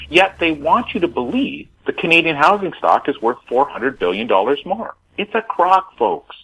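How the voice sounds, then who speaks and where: Man, radio talk commentator, emphatic, repeats himself, husky voice, radio sound. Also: fairly high pitch, huge pitch swings, a little fast, few pauses, a bit bright, rough recording. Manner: emphatic, repetitive, addresses listeners as folks. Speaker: housing market commentator.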